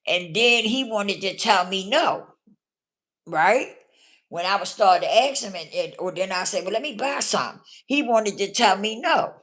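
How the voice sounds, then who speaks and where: Blunt, casual woman vlogger with animated pitch. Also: unhurried. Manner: blunt, casual, keeps checking in with the listener. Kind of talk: candid personal storytelling.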